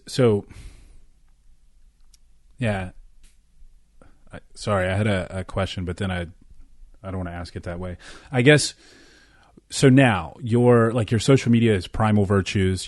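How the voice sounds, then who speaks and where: Man, podcast host, low voice, halting, dry close sound. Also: darkish tone, dry recording. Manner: halting, searching for words. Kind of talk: interview questions.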